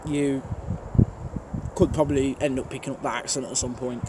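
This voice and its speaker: A man's voice: medium pitch, steady tone, moderate pace. A man with a strong Birmingham accent answering viewer questions in a casual vlog, blunt and rambling with plenty of fillers, recorded outdoors at a railway station. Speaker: trainspotting channel host. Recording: outdoor background noise.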